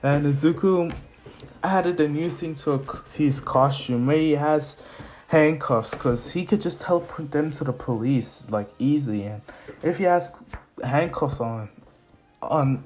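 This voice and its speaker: A man's voice: a little high, unhurried, darkish tone, a little hiss or hum. A man casually retelling an improvised anime fan story, rambling with restarts and laughs.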